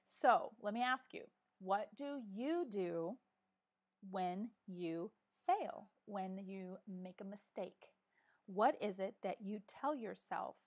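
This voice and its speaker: A middle-aged woman hosting a casual live chat, talking earnestly and encouragingly straight to her viewers. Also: medium pitch. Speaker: live-stream vlogger.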